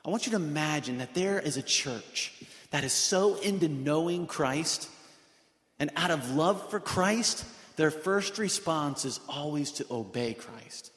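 A man with a slightly high voice preaches an earnest sermon, asking his congregation question after question. His voice rings around a large church hall with a long, roomy echo. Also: expressive, measured pace, fairly bright tone. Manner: earnest, many rhetorical questions. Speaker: pastor. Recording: echoey hall with long reverb.

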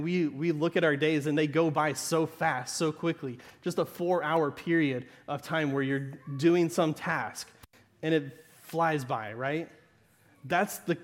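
A male pastor with a Southern Arkansas accent delivers a sermon in a loose, conversational way. His voice sits a little higher than most men's, and he keeps tossing in "right?" and circling back over his own words. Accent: Southern American (Arkansas). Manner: conversational, frequent "right?" and restarts.

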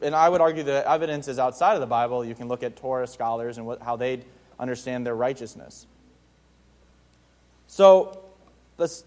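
A man's voice: medium pitch, darkish tone. A man giving a conversational Bible teaching to his community, informal and emphatic, with frequent fillers and restarts. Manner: emphatic on key points.

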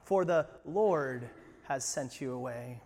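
Animated preaching man in a reverberant hall. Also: mid-range voice, slow pace, gravelly. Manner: animated, conversational with asides. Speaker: pastor. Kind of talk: sermon.

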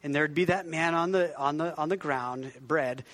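A man's voice: on the high side, normal speed, a bit bright. Conversational man preaching a sermon. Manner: conversational, self-deprecating, frequent restarts; has the congregation repeat words. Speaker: pastor.

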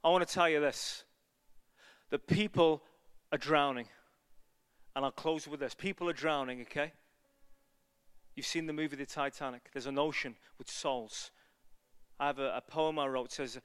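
A man preaching an evangelistic sermon, telling a story and building to loud, passionate appeals. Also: fairly high pitch, moderate pace, pauses often, clear, resonant tone, long reverb tail.

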